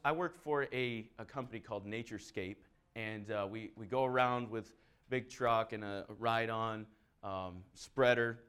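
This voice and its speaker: Male preacher, conversational and animated, jokes through his sermon. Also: fairly low pitch, clear, resonant tone. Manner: chatty, humorous, animated. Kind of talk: sermon with storytelling.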